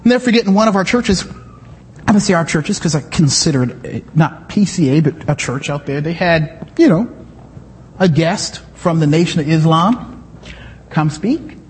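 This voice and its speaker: A male pastor preaching a sermon in a church, conversational and animated, with asides and sudden shouts. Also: a little high, moderate pace, long reverb tail, slight background noise. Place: church sanctuary.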